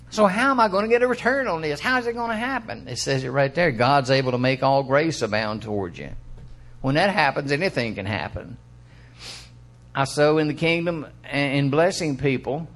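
A man's voice: mid-range voice, animated. An older man preaching a sermon in a conversational way, asking his listeners questions and reading scripture aloud. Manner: acts out quick quoted voices for illustration.

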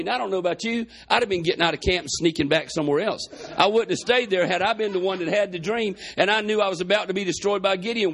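A man preaching, his voice gravelly and a little husky, set somewhat high for a man. He retells scripture in a folksy storytelling way, acting out the dialogue, with congestion in his chest. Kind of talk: sermon storytelling.

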